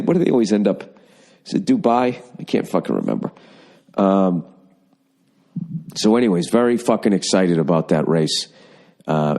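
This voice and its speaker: A man's voice: sits low, dark tone. A man hosting a podcast, telling rambling, profane stories in casual chat. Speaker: podcast host.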